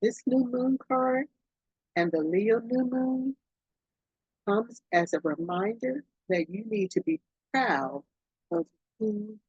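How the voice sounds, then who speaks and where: Excitable woman reading oracle cards. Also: slow pace, pauses often, breathy edge, no room sound, dull audio. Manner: effusive, excitable, swoops up and down in pitch. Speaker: podcast host, oracle card reader. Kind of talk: casual spiritual card reading.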